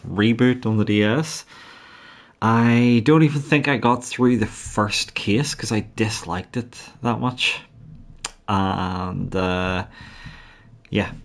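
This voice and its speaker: A young man streaming a game, chatting in a rambling, self-deprecating way. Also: deep voice. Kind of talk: casual gaming stream commentary.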